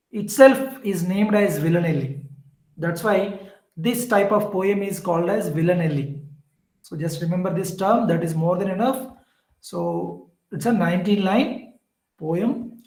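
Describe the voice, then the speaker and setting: A man's voice: high voice, reverberant, poor audio. A man teaching an online exam-prep lesson on literature. He explains step by step, repeats key terms and corrects himself as he goes.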